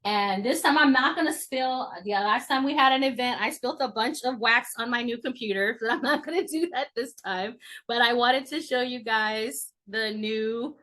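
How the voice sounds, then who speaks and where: A woman's voice: fairly high pitch, normal speed. Encouraging woman guiding a ceremony. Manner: gentle, encouraging, closes each share with aho. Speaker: shamanic healer leading a ceremony. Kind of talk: guiding a virtual group ritual. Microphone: video call.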